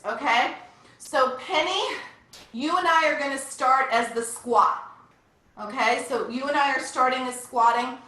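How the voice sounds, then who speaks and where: Over a video call, a female fitness instructor runs a live online workout, cheerfully encouraging everyone as she counts down reps. Her voice sits high, bright and forceful, and she sounds distant from the mic in an echoey room.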